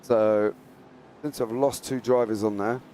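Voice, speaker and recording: A man commentating a live online sim race, chatty and jokey, lifting into excited play-by-play calls. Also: on the low side, unhurried, slight background noise.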